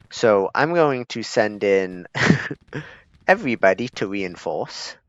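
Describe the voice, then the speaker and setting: A man's voice: mid-range voice, no echo. A man giving casual, joking gameplay commentary as a streamer, chuckling and talking to his units. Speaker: gaming streamer. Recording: dull lo-fi mic.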